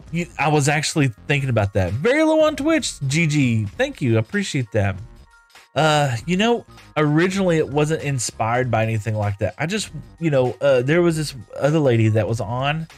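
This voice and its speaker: A man's voice: medium pitch, big pitch swings, normal speed, soft background music. A man chatting casually while streaming a building game, reading viewer comments aloud and thanking viewers. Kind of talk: casual live-stream chat while playing.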